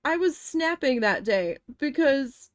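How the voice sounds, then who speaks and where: A woman's voice: sits high, expressive, takes it slowly, dry recording, clean studio sound. A woman chatting casually while she paints, telling a long, candid, profane story with rambling self-corrections. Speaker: art vlogger recalling a retail cashier job.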